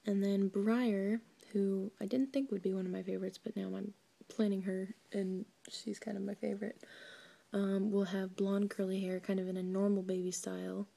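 An excitable woman vlogger with a dark, mellow voice full of gravelly fry. Her pitch stays flat as she chats, giggles and often slips into soft whispers. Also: normal speed. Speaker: doll maker vlogger. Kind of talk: casual chat.

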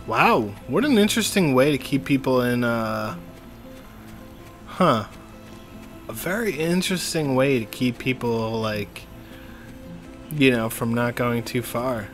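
A man's voice: medium pitch, animated, slow pace, pauses often, faint music behind. A man playing a video game and commenting on it in a casual, playful way, often speaking to the characters on screen. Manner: playful, talks to the game characters, jokey asides. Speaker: gameplay streamer. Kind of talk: casual let's-play commentary.

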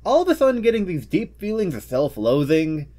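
A man hosting a scripted psychology explainer, reading with playful joking asides and quick comic character voices. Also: on the high side, sing-song, warm tone. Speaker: host of a personality-psychology channel.

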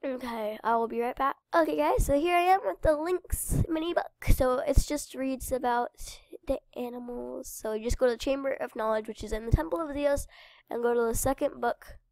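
A woman with a head cold, her nose stuffed up, rambling cheerfully through a game for her viewers. Her voice sits fairly high with a gravelly fry at the ends of phrases. The sound is dry and close, with no room around it. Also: brisk, a little mellow, no echo. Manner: chatty, rambling, talks to viewers. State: congested with a cold. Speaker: game channel host. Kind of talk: casual gameplay commentary.

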